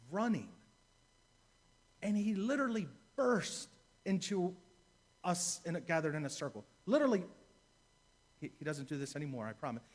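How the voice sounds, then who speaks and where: A man, a deacon, preaching a sermon in a church, telling a story and repeating key phrases for emphasis. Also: on the high side.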